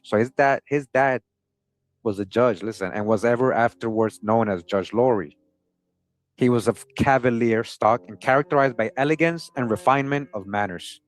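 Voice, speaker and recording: A man hosting a history channel, casually talking through old sources and often asking his viewers "right?". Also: medium pitch. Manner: conversational, keeps asking "right?", chuckles often.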